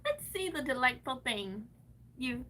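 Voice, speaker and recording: A woman's voice: high voice, expressive, unhurried, bright, forceful tone. Woman, angry profane rant, livestream, distant mic, faint background noise.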